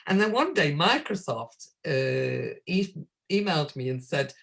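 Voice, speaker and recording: A woman from the UK, a guest astrologer in an interview, telling lively stories and acting out the phone calls she describes. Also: low-pitched, unhurried, gravelly. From United Kingdom. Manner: lively anecdote-teller who acts out quoted phone calls and laughs often. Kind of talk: casual interview storytelling.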